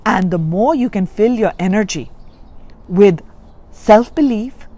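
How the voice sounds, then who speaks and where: A woman's voice: medium pitch, animated, a little slow, dark tone. A woman giving a spiritual reading, coaching listeners earnestly and repeating key points. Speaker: spiritual reader. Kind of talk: guided self-help reading.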